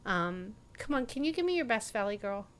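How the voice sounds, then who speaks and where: A woman in her forties co-hosting a casual movie review podcast, chatty and animated, with frequent "like" fillers. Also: medium pitch, brisk. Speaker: podcast co-host.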